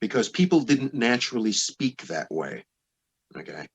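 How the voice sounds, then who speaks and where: A man with a husky, slightly breathy voice talks through history as a podcast guest. He lectures in long, winding sentences and keeps circling back with asides. His pitch sits in a middle range. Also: sing-song, normal speed. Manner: discursive, lecturing with many asides. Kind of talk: podcast interview explanation.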